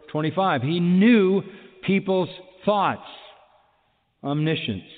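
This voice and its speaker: A man's voice: fairly high pitch, in a large hall, narrow, tinny audio. A man preaching a sermon emphatically, repeating key phrases and asking rhetorical questions.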